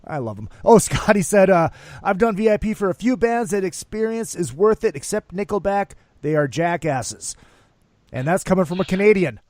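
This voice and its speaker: A man's voice: sits high, animated, moderate pace, darkish tone, no room sound. A man hosting a casual talk show, speaking loosely with cursing and jokes. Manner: loose, profane, joking. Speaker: show host.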